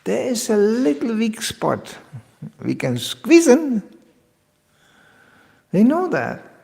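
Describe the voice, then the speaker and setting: A man giving a devotional lecture as a spiritual teacher, lively and joking, often acting out other people's voices. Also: extremely high pitch, takes it slowly, creaky, in a large hall.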